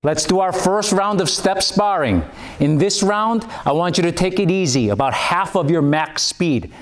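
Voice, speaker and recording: A man's voice: sits high, moderate pace. A man leading a taekwondo workout, encouraging and calling out commands, out of breath. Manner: encouraging, calls out commands and kiai shouts. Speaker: taekwondo instructor. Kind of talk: guided workout instruction.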